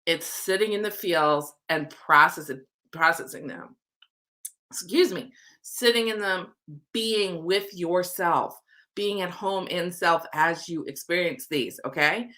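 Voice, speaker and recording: A woman's voice: on the low side, slow, bright, forceful tone. Upbeat woman with a stuffy nose. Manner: affectionate, upbeat, chatty. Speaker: oracle card reader. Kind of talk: live stream card reading.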